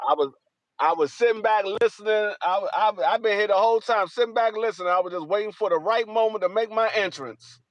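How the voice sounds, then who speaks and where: A man co-hosting a podcast in casual banter, telling stories excitedly and repeating his words as he goes. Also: high voice, brisk.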